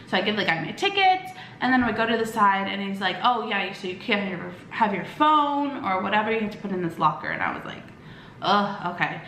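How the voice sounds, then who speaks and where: A woman's voice: mid-range voice, big pitch swings, pushed and bright, echoey room, a little hiss or hum. A young woman vlogger telling a personal story in casual chat, rambling with lots of fillers and acting out quoted lines. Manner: acts out quoted lines with quick voice shifts.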